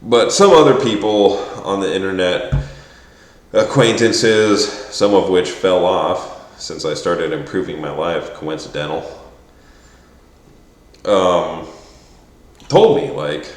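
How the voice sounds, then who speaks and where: Low-voiced man ranting in an echoey room. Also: slow pace, long pauses. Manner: profane, rambling, exasperated; quotes others in mocking voices. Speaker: vlogger. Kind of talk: casual rant to camera.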